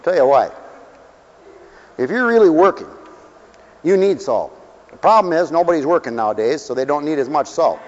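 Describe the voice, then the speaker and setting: An older man preaching a folksy, humorous sermon, swinging from quiet asides to loud exclamations. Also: fairly high pitch, sing-song, moderate pace, pauses often. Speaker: pastor. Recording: dull lo-fi sound with long hall reverb.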